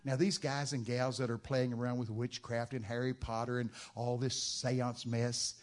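A man preaching a sermon, telling Bible stories with dramatic shouted outbursts. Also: mid-range voice, flat delivery, normal speed. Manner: dramatic storytelling, bursts into loud shouted quotes.

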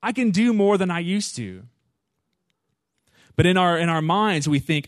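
A male preacher talks to his audience in an easygoing, lively sermon style. His voice sits a bit high for a man. The sound is dry and close. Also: measured pace, no room sound. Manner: animated, acts out his own prayers with rising intensity; informal, frequent "you know" and "right?" asides to the audience. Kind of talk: conversational sermon.

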